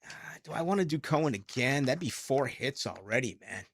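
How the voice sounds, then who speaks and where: A man's voice: medium pitch, lively intonation, fairly quick, vocal fry, a bit bright, dry recording, clean studio sound. A middle-aged man with a Boston accent, hosting late-night sports talk radio in a rambling, self-mocking way.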